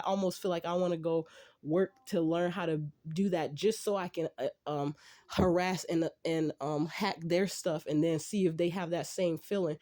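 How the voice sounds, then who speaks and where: A woman's voice: lowish voice, fairly even intonation, normal speed, mellow. A woman venting casually to camera in a rambling, frustrated way, swearing often and restarting her sentences. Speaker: vlogger.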